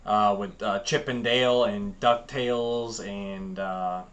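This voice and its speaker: A man's voice: lowish voice, steady tone, takes it slowly, fairly bright tone. A man co-hosting a podcast, rambling animatedly through childhood memories in casual chat with many fillers. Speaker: podcast co-host.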